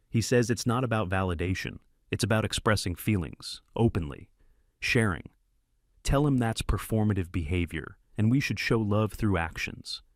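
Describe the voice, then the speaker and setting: A man reads a first-person story aloud in short, clipped fragments. His voice sits on the low side. The recording is dry and close, with no room sound. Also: no room sound. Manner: terse, clipped sentence fragments. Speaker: narrator.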